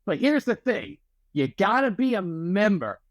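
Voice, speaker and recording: A man's voice: high-pitched, very animated, measured pace, dry recording. A young man co-hosting a podcast in casual chat, riffing playfully and acting out imagined conversations. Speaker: podcast co-host.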